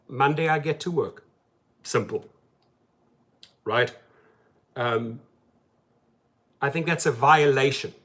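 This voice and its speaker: A man hosting a casual livestream chat from his parked car, talking emphatically and then dropping to a soft, subdued tone. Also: fairly high pitch. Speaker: rideshare driver and channel host.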